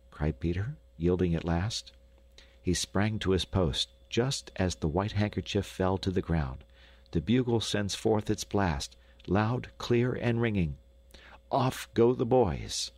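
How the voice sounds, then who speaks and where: A man narrating a classic children's story for an audiobook in a lively, expressive way. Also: low voice, a little slow, no echo. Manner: lively, expressive, rising with excitement. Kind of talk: scripted narration. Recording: dry studio recording.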